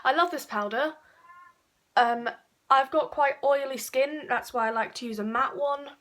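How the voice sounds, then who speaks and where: A woman, chatting casually through a makeup tutorial with frequent fillers and quick self-corrections. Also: high-pitched, fairly bright tone. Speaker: beauty vlogger.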